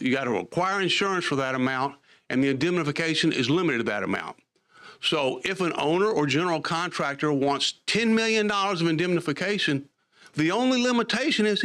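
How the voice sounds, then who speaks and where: A man's voice: a little high, pushed and bright. A man, a lawyer giving formal testimony at a committee hearing and explaining emphatically.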